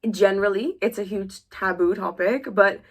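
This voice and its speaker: A young woman co-hosting a casual chat podcast, telling stories in an animated way and acting out the dialogue. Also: mid-range voice, moderate pace. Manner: animated storyteller, acts out dialogue. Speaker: podcast co-host.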